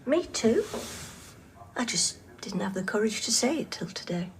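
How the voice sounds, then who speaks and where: A woman's voice: medium pitch, big pitch swings, normal speed, slight background noise. A firm, protective older mother. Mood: earnest. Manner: firm, earnest. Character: older mother, loyal and protective of her new man. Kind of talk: TV soap drama acting.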